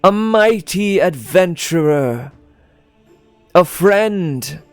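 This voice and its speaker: Solemn male mourner, slow and declaiming, voiced by a man running the game. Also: high voice, animated, no echo, faint music behind, pitched above the performer's own voice, heavily acted. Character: solemn male villager giving a eulogy.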